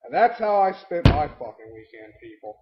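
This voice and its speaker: High-pitched dude rambling about his game night, swears a ton, kinda dull lo-fi audio. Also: normal speed, heavy background noise. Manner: heavy swearing, rambling and animated. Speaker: vlogger recounting his tabletop game session. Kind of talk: casual storytelling.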